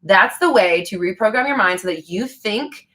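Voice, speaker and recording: A woman's voice: medium pitch, animated, moderate pace, sharp tone. A young woman hosting a casual live stream, answering viewer questions in a chatty, frank way with casual swearing.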